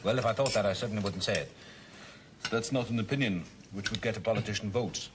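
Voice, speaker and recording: A man's voice: on the low side, quick pace, noisy background, close to an everyday voice. A man playing a reserved English former junior minister, hesitant and self-deprecating.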